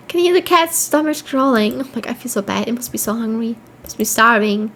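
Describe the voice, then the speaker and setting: A woman's voice: on the high side, fairly even intonation, brisk, few pauses, a bit bright, a little hiss or hum, rough recording. A woman streaming a horror game, reading its text aloud and reacting with swearing and laughter.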